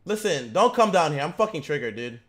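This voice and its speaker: Excitable young man streaming a game. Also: on the high side, brisk. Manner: profane, excitable, swings from mutters to shouts. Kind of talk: gaming livestream commentary.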